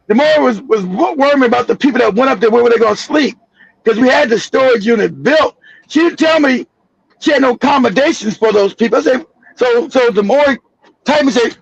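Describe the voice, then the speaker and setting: A man hosting a casual chat, telling a long story in an animated, profane way with many restarts. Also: very high voice, vocal fry, husky, no echo, highs cut off. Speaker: show host.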